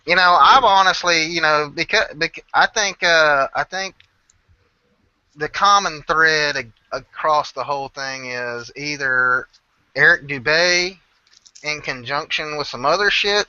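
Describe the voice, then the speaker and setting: A man's voice: fairly high pitch, a little slow, sharp tone, smooth, dry recording. A man telling a long story in casual chat, swearing freely and acting out what people said. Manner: profane, rambling, acts out quotes. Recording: dull lo-fi sound.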